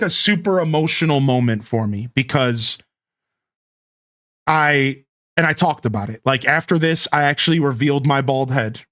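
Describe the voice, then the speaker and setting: A man streamer casually telling a story to his stream chat, laughing often and mimicking chat in high yelps.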